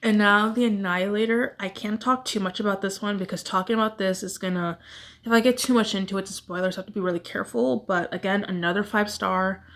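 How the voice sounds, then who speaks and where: A woman's voice: mid-range voice, fairly even intonation, quick pace, fairly bright tone. A woman vlogger chatting casually about her favorite books, gushing and rambling with emotion. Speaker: book vlogger. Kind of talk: casual book chat.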